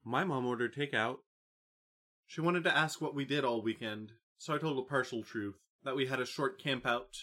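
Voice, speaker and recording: A man voicing a quiet, blunt young teenage girl in an audiobook, giving short, flat replies. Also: mid-range voice, moderate pace, pitched above the performer's own voice.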